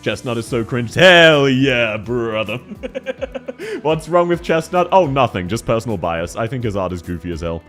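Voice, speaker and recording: A man streaming casually and reviewing viewers' game accounts, talking quickly and excitedly as he reacts to chat. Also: mid-range voice, faint music behind.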